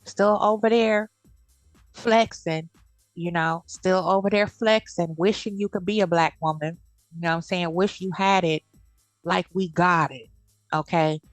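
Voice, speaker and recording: A woman's voice: on the low side, fairly even intonation, a little slow, dry recording, faint music behind. A woman giving blunt, heated commentary in a casual vlog, cursing freely. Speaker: commentary vlogger.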